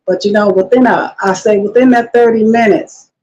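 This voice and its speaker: Animated woman telling a story, lo-fi. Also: medium pitch, normal speed. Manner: animated storytelling, quotes others in lively voices. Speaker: guest. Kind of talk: casual conversational interview.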